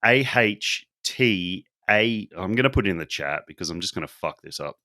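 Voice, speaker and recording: Lower-voiced Australian man, halting speech. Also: lively intonation, sharp tone. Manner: hesitant, restarts a lot. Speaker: podcast co-host. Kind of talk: casual podcast chat.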